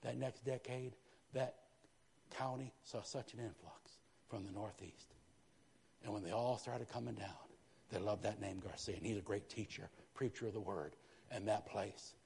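A man preaching a sermon in a church, lively, with frequent asides to the congregation. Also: on the low side, normal speed, gravelly, a little hiss or hum. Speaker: pastor. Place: church sanctuary. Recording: long hall reverb.

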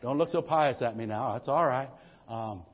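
A man preaching a sermon, with a husky voice, who rises to loud passionate peaks and keeps asking the congregation for amens. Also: mid-range voice, normal speed, in a large hall, highs cut off. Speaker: pastor.

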